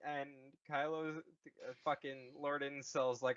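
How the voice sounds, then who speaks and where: A man's voice: medium pitch, slow pace, pushed and bright. A man casually recapping a film on a podcast in a rambling, jokey way, swearing often. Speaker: podcast co-host. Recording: dull lo-fi audio.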